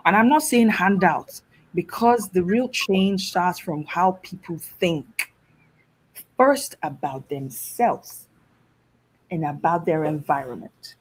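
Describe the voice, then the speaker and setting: A woman from Nigeria, a guest on a talk show, telling stories in a lively way with frequent laughs. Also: on the low side, slightly rough, rough recording. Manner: lively, laughing, switches into mimicked voices. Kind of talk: animated storytelling talk.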